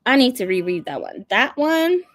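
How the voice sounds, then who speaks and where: Animated chatty woman book host. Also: a little high, moderate pace, no echo, clean studio sound. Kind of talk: casual livestream chat.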